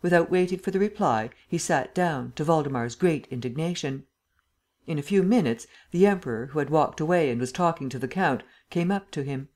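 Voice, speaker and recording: A woman narrating a classic detective novel as an audiobook, steady and unhurried. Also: deep voice. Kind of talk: scripted narration.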